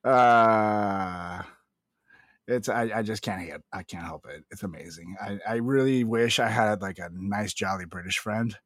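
A young man co-hosting a podcast in casual, jokey chat, often trailing off quietly. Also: lowish voice, unhurried, no echo, clean studio sound. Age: young adult. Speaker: podcast co-host.

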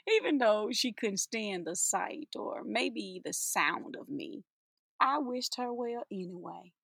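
A woman's voice: mid-range voice, lively intonation, takes it slowly, gravelly, a bit bright, husky, dry recording, studio quality. A woman teacher giving an inspirational spoken-word monologue, sassy and playful, laughing often and drawing out her words for emphasis.

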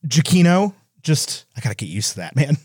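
A man in casual movie chat, animated, with quick asides and voices when he retells scenes. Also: on the high side, slightly rough, dry recording, clean studio sound.

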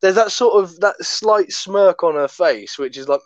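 A man from Oklahoma with an Oklahoma accent, swearing and laughing through a casual true-crime chat. His voice sits a little high and swings widely. The sound is muffled and dry. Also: expressive, normal speed, no echo. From Oklahoma, USA. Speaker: podcast co-host.

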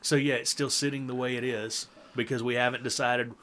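A man chats casually as a co-host, rambling and poking fun at himself as he doubles back on his sentences. His voice is bright and forceful, sitting at an ordinary pitch. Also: level tone, a little fast. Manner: rambling, self-deprecating, with many restarts. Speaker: podcast co-host. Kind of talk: casual chat.

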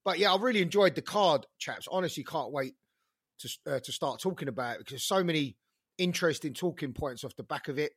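A man's voice: a little high, lively intonation, brisk, breathy edge, no room sound, clean studio sound. A man in his thirties co-hosting a podcast with easygoing, sweary banter in casual chat. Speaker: podcast co-host.

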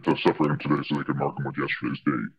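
A man working as a postal worker, answering interview questions in a measured, matter-of-fact way. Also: extremely low pitch, flat delivery, breathy edge. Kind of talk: undercover-style interview answers. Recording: dull lo-fi video clip.

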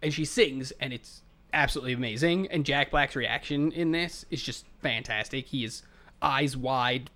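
A man co-hosting a casual movie podcast, recapping scenes and quoting the characters in quick bursts. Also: medium pitch, pushed and bright. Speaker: podcast co-host.

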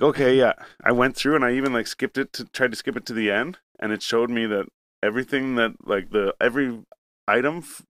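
A man's voice: fairly low pitch, a bit bright, dry recording. A young man from Canada in casual chat, telling a rambling, profane story with acted-out asides.

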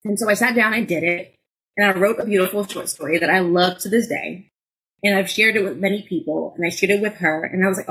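A woman co-hosting a podcast and telling her own stories. She talks in an expressive way and leans on "like," and her voice sits at an ordinary middle pitch. Now and then she jumps to loud, high bursts to act out a scene. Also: fast, poor audio. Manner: frequent filler "like". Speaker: podcast co-host. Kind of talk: casual podcast storytelling.

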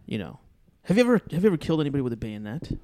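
A man's voice: on the high side, sing-song, racing, mellow. A man on an improvised comedy podcast who chats eagerly and asks the guest questions.

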